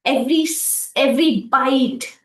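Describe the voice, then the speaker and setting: A woman coaching speaking skills in a livestream lesson, repeating phrases slowly to demonstrate stress and pauses. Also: high voice, roomy sound, far from the mic, low-quality recording.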